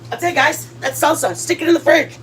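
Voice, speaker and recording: A woman chats her way through a home cooking video in a fairly high voice, rambling with plenty of fillers and restarts and slipping in Spanish words. She talks from her kitchen. A faint background noise sits under her voice. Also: fairly quick. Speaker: cooking vlog host. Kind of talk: casual cooking chat.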